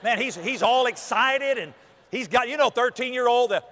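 A man's voice: lively intonation, brisk, fairly bright tone. A male preacher telling stories in a sermon, acting out the lines of the people in them. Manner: storytelling with acted-out quotes and big pitch swings. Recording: hall reverb.

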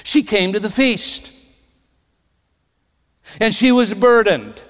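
A male preacher with a slightly high voice delivers a slow, deliberate sermon in a church sanctuary. He swings between ringing emphasis and hushed passages. His voice carries a long hall reverb. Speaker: guest preacher.

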